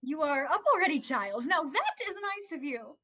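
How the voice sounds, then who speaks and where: A woman's voice: high voice, animated, normal speed, pushed and bright. A woman voicing a flustered, fussing mother in an amateur online play reading, evasive and bustling. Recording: dull lo-fi sound.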